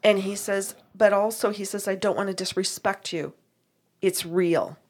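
In a mid-range voice at a moderate pace, a woman who works as a medium shares a story about one of her readings. She performs both sides of the exchange, bringing quoted dialogue into an animated, conversational retelling.

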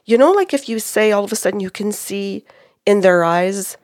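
A woman's voice: mid-range voice, normal speed, dry recording, studio quality. A woman working as a psychic medium, recounting a session in a conversation and acting out the quotes as she goes. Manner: animated retelling, acting out quotes. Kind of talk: storytelling in a conversation.

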